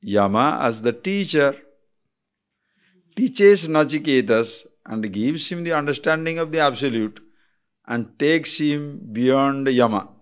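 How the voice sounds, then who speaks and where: A man with an Indian accent, a swami giving a spiritual discourse on scripture, explaining deliberately and checking in with rhetorical questions. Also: mid-range voice, lively intonation, a bit bright, clear, resonant tone.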